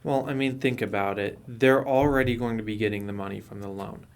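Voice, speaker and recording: A man co-hosting a casual local podcast, explaining his view in a measured, opinionated way. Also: fairly low pitch, fairly even intonation, gravelly, smooth. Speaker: podcast co-host. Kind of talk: casual chat.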